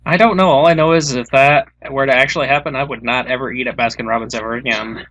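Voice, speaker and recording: A young man chatting as a guest, giving blunt, deadpan retorts. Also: medium pitch, quick pace, poor audio. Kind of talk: casual chat.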